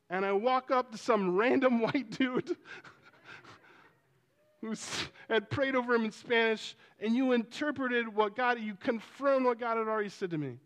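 During a sermon, a pastor tells a story in a very high voice at a normal speed. He grows animated, rising toward near shouting at its emotional peaks.

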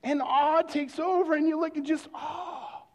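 High-voiced male pastor preaching. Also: fairly even intonation, moderate pace. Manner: conversational storytelling with hushed exclamations. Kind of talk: sermon.

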